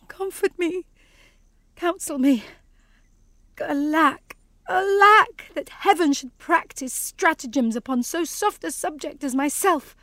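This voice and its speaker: A woman's voice: sits high, dry recording, studio quality. A woman playing a desperate young noble daughter in a classical drama, pleading and anguished.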